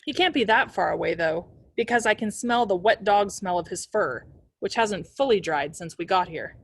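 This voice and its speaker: A woman's voice: mid-range voice, animated, moderate pace, breathy edge, dry recording. A woman reading a novel aloud as a librarian, telling the first-person story expressively.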